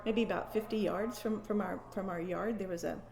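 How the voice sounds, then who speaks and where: A woman's voice: mid-range voice, steady tone, brisk, gravelly, background noise. A woman at a conference telling an eerie first-person story with emotion, repeating and restarting words and acting out her own thoughts. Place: conference venue.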